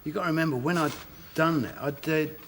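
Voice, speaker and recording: A man's voice: a little high, brisk, a bit bright, a little hiss or hum. Laughing Cockney man telling stories. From England. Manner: laughing storyteller, acts out quotes. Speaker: actor guest. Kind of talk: chat show interview.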